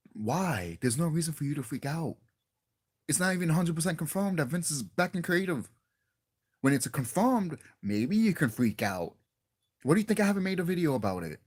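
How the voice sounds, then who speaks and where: A young man vents in a loose, profane monologue aimed at his viewers. His pitch jumps around animatedly as he gets exasperated, and he keeps restarting and repeating his words. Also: darkish tone, husky. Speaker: wrestling commentary vlogger. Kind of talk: ranting casual monologue.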